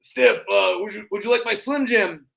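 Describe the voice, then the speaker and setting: A man putting on an impression of a brash male wrestling showman, with loud, drawn-out bravado. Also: high-pitched, vocal fry, pitched above the performer's own voice, exaggerated voice. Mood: hyped.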